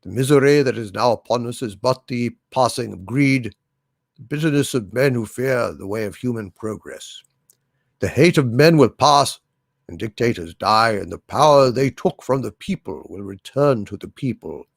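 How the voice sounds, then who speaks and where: A man putting on a deep British villain impression for a slow, solemn speech reading. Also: animated, vocal fry, no room sound, studio quality.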